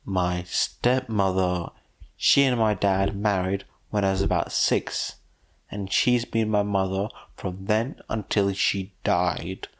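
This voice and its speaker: A man's voice: low voice, steady tone, takes it slowly. A man voicing an irritated young man who answers in a dry, sarcastic, exasperated way.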